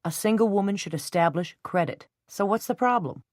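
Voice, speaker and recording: A woman's voice: mid-range voice, animated, a little fast, a little mellow, dry recording, studio quality, close to an everyday voice. A woman voicing a confident, mischievous man who talks nonchalantly in a storybook. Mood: teasing. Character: teasing confident man, playful schemer.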